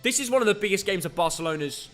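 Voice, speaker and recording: A young man hosting a live football watch-along, excitable and full of teasing banter. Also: high voice, very fast. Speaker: live stream host.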